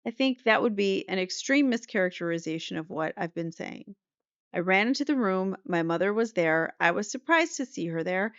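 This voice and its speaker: A woman voicing a young male defendant, answering cross-examination in a halting, defensive way. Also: medium pitch, expressive, a bit bright, dry recording. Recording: slightly muffled dry recording.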